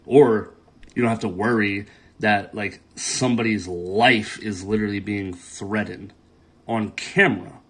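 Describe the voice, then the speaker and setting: A man lectures his viewers in a preachy rant about what people should support. His voice is low and husky. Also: fairly even intonation, a little slow. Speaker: commentator in a played clip.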